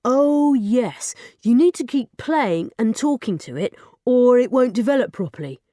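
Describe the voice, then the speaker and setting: A woman's voice: a little high, lively intonation, warm tone, no room sound, studio quality, pitched above the performer's own voice. A woman voicing an eager schoolboy who keenly explains how robots work. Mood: explaining. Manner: explains things keenly, quick and earnest. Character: eager schoolboy, a know-it-all about robots.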